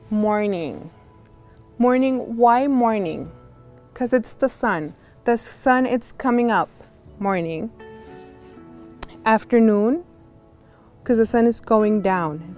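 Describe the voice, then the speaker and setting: A woman teaching a virtual class as a sign language interpreter, slow and clear, going through letters one by one and explaining with friendly examples and asides. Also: medium pitch, animated, a little mellow, soft background music. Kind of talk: casual instructional talk. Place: home, on a video call. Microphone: video call.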